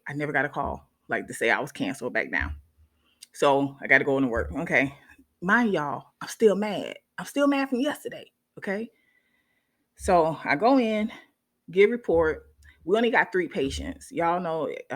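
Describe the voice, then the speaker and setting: A woman's voice sits low as she, a nurse, shares a lively, casual story with her viewers. She checks in with them often along the way.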